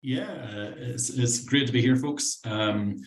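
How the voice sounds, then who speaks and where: A man's voice: mid-range voice, slow pace. A man with an Irish accent, speaking as a guest on an online panel in a friendly, rambling, apologetic way. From Ireland. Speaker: panel guest from a water utility. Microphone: video call. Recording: echoey room on a video call.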